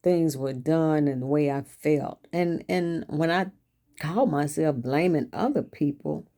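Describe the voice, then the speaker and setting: Older lady, low gravelly voice, kinda mellow, chatty rambling storyteller. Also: measured pace. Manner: folksy, chatty, repeats herself. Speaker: host and author. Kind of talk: casual storytelling monologue.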